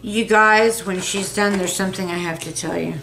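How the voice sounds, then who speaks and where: A woman's voice: mid-range voice, steady tone, normal speed, creaky, a bit bright. A woman co-hosting a beauty channel, chiming in with wry, teasing remarks in casual chat. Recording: echoey room with noticeable hiss.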